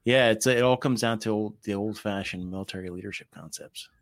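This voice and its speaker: A man hosting a podcast, talking in an earnest, relaxed way in a conversational interview. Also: fairly low pitch, fairly quick, no room sound. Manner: earnest and relaxed, draws on military background. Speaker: podcast host.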